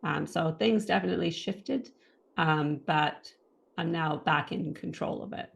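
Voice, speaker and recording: A woman in her thirties, a guest in an interview, telling her own story in lively fashion and acting out what others said and thought. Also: low-pitched, unhurried, vocal fry. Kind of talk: personal testimony in an interview.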